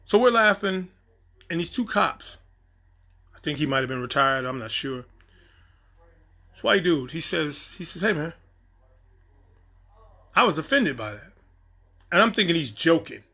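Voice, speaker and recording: A man recounts a story in a casual, animated way, voicing the people he talks about. His voice sits a touch high and has a gravelly edge. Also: normal speed, pauses often. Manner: animated, acts out quoted exchanges. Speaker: storyteller recounting a set experience.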